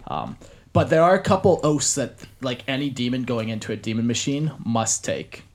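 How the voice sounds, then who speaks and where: Lively, enthusiastic male podcast co-host. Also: medium pitch, moderate pace. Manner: enthusiastic, agrees often, laughs readily. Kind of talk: casual chat.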